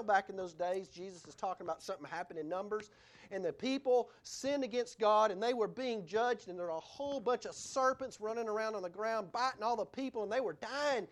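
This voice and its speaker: Lady preacher in church, goes big and loud then drops way down soft. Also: medium pitch, animated, a little fast. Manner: dramatic swings between loud emphatic lines and hushed asides. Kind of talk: sermon.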